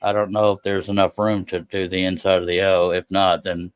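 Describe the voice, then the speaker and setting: Folksy low-voiced woodworking host. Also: male voice, level tone, fairly quick, clean tone, no echo. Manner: folksy, mild exclamations, mutters while working. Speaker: scroll saw woodworker hosting a livestream. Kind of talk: casual chat while working.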